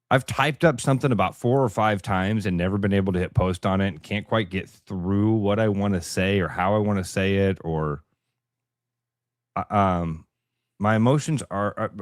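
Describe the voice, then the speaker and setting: A man's voice: lowish voice, no echo, studio quality. A man co-hosting a radio show in casual chat, emotional and rambling, often restarting his sentences. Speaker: radio co-host. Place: radio studio.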